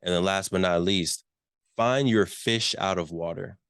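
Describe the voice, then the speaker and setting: A man's voice: deep voice, measured pace, gravelly, a bit bright, smooth, no room sound, studio quality. A man giving a business workshop talk, emphatic, repeating key questions and checking in with his listeners. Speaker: workshop presenter.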